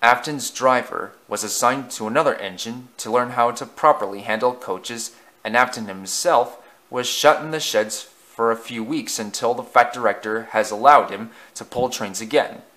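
A man's voice: mid-range voice, normal speed, sharp tone. A man narrating a storybook as an amateur reader, with frequent slips and self-corrections.

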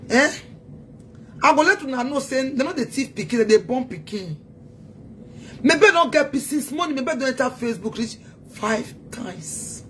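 A woman's voice: fairly high pitch, slight background noise. A woman with a Nigerian accent delivering a heated, taunting social media rant as a self-styled activist. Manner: taunting, scolding, emphatic.

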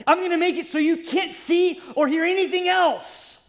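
Preacher voicing an urgent pleading divine voice. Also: male voice, extremely high pitch, moderate pace, voice pushed up.

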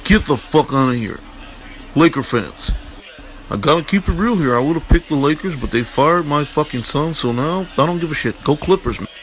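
A man's voice: fairly high pitch, animated, moderate pace, a bit bright, faint music behind. A man doing crude, rambling comedy voice-overs over basketball clips. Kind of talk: comic voice-over dubbing.

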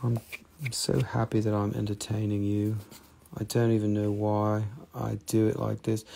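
A man hosting a casual live rock and mineral sale, rambling and joking, teasing viewers by name, and drifting into quiet murmurs as he handles the specimens. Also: on the low side, completely flat delivery, moderate pace, gravelly. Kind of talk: casual live sales chat.

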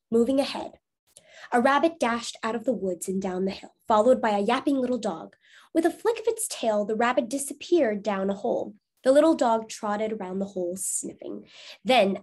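A woman teacher reading a storybook aloud to her schoolchildren at home, clear and patient. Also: a little high, a bit bright. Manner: clear, patient, asks the class questions.

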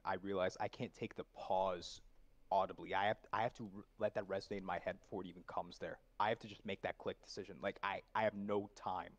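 A man's voice: deep voice, muffled recording. A man being coached as a voice actor, thoughtfully explaining how he approached a scene. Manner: thoughtful, explaining his process at length. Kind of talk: reflective conversation.

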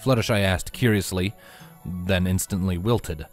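A man reading a fanfiction story aloud in a slow, measured, expressive storybook narration. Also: sits low. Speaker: fanfiction reader. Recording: dry close voice with faint music.

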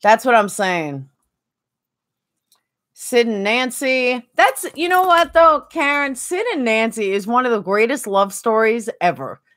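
A woman's voice: fairly high pitch, animated, unhurried, fairly bright tone. A woman streaming a game, chatting casually and answering viewers by name. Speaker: game streamer reading chat. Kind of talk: casual chat while gaming.

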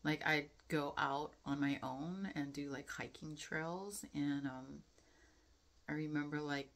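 A woman's voice: low voice, steady tone, slow pace, creaky, fairly bright tone. A young woman vlogging to camera in a casual, rambling way, full of fillers and reflective asides. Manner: chatty, frequent fillers, laughs often, reflective.

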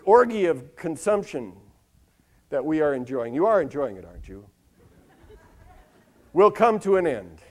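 An older man performing a wry, ironic comic monologue on a live stage, delivered like a newscast with dramatic pauses and long lists. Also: on the high side, darkish tone. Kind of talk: comic spoken-word monologue with news-style delivery.

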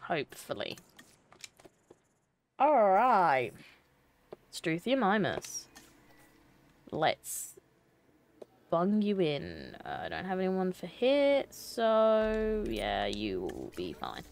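A woman's voice: mid-range voice, huge pitch swings, very slow, long pauses, a little hiss or hum. A young woman streaming a game, chatting to herself and to the characters on screen. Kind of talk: casual gameplay commentary.

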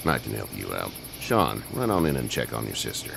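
An actor playing a wary but kind older male farmer who talks in a slow, folksy, measured way, from a video game. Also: extremely low pitch, very animated, vocal fry, exaggerated voice. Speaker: farmer offering shelter. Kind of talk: game voice acting. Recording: game audio with loud cricket noise. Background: crickets and night ambience.

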